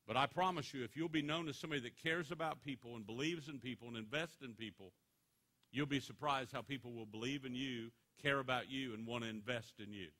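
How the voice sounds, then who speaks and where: A man giving a motivational speech to students, telling stories in an animated, joking way. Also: mid-range voice, a little fast. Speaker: motivational speaker.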